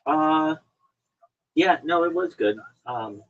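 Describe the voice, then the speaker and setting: A man's voice: a little high, animated, takes it slowly. A man hosting a podcast over an online call, chatting casually and teasing his guest in a mock-lecturing way. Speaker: podcast host. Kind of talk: casual chat. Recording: dull lo-fi stream audio.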